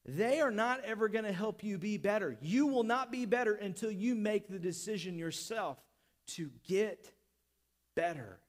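A man preaching a sermon as pastor, impassioned and building up to shouted lines. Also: high voice, expressive, moderate pace.

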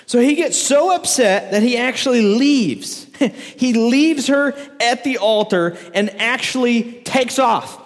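A man's voice: very high voice, slow. A man preaching a casual, joking sermon to a crowd, telling a story with frequent laughs. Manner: joking, animated, laughs often. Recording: echoey hall reverb.

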